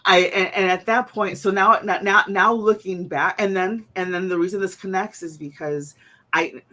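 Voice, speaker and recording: A woman's voice: medium pitch, fairly even intonation, moderate pace, sharp tone. A woman hosting a casual conversation, chatty, with many fillers and restarts. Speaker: host.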